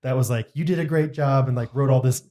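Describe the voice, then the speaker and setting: A man's voice: mid-range voice, fast, mellow, reverberant. A young man co-hosting a podcast, telling a story in casual chat with lots of fillers and laughs. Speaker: podcast co-host.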